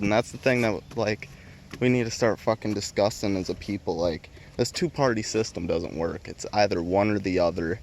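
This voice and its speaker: A man's voice: fairly low pitch, normal speed, gravelly, a little mellow, a little hiss or hum. A man vlogging an opinion rant, heated and rambling, swearing constantly and restarting his sentences.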